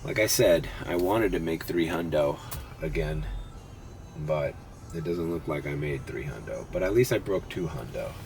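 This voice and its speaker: A man's voice: rumbling low, animated, moderate pace, vocal fry, darkish tone, soft background music. A young man, congested and sniffly, chatting casually and swearing a lot while driving at night for a rideshare vlog. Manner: laid-back, swears often, says bro. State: congested, runny nose. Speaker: rideshare driver vlogger. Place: inside a car at night. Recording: faint road and car noise.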